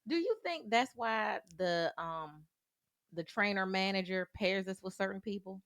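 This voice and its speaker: Brief: woman podcast co-host, reflective and questioning, quick to laugh, dry close sound. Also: mid-range voice, a bit bright, dry recording. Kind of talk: casual chat.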